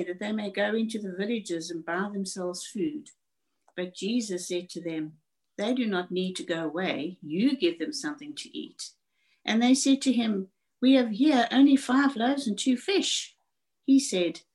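A woman's voice: mid-range voice, low-quality recording. A woman with a South African accent reading a Bible passage aloud over a video call. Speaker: scripture reader.

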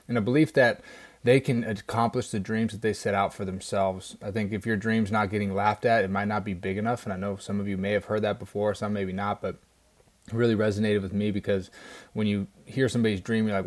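A man co-hosting a podcast in a studio, speaking earnestly and enthusiastically in steady flowing runs. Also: on the low side, a little fast. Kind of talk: motivational podcast talk. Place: small studio.

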